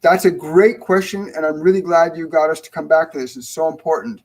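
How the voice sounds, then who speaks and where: A middle-aged man with a slightly high voice hosts a live-stream spiritual Q&A from home. He rambles warmly, restarts sentences and repeats key phrases for emphasis. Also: fairly even intonation, brisk, rough recording. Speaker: spiritual medium, show host.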